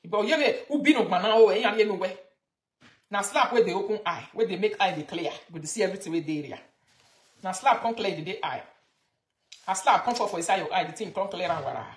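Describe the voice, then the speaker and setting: A woman's voice: mid-range voice, quick pace, reverberant. A Nigerian woman giving gossipy, scolding commentary that mocks and lectures the viewer.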